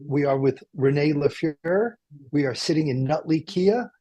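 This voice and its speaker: Husky-voiced man hosting a chatty radio show. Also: on the high side, normal speed, dark tone. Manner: rambling, joking, many fillers and restarts. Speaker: radio talk show host. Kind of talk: casual chat. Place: car dealership.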